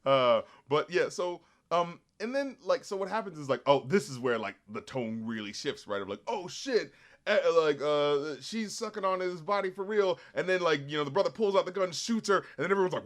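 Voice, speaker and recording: A man hosting a casual spoiler review chat, animated and profane, acting out characters in quick quotes. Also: a little high. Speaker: movie review show host.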